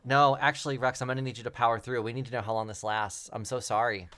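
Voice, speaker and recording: A man's voice: medium pitch, steady tone, fast, bright, forceful tone. Hesitant game master man. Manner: hesitant, filler-heavy narration. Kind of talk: narrating a tabletop game.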